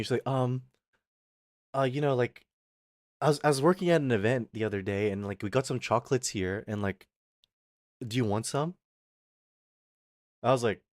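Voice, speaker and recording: A man's voice: medium pitch, dry recording. Young man, streamer, casual story rant, frequent swearing, dry close mic. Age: young adult. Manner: swearing, animated retelling with quoted voices.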